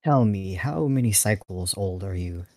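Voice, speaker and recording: A man plays a deep-voiced uplifted dolphin pilot, formal and gentle, who addresses a young listener as "child" in a measured, patient way. The voice is very low and dry, with no room sound. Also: lively intonation, no echo. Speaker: player. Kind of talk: tabletop role-play, in character.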